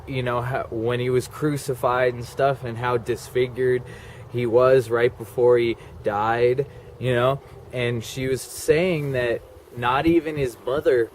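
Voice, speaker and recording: A man's voice: medium pitch, slight background noise. A man telling a personal story in a rambling way, full of "like" and "okay?" asides. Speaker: vlogger.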